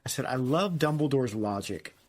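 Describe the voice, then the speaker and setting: A man's voice: mid-range voice, normal speed. A man co-hosting a casual book podcast, retelling scenes and acting out quoted characters in playful voices. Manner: animated, acts out quoted characters in silly voices. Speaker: podcast co-host.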